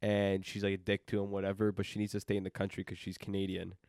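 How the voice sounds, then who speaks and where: A man co-hosting a podcast in casual chat, telling stories in an animated way and swearing freely. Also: low voice, no echo, studio quality. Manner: rapid, animated storytelling with swearing. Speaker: podcast co-host.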